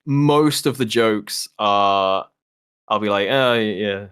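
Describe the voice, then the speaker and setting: A man's voice: lowish voice, takes it slowly, fairly bright tone, clear, resonant tone. A man co-hosting a gaming podcast, chatting casually and acting out quotes as he retells things. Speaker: podcast co-host. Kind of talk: casual chat.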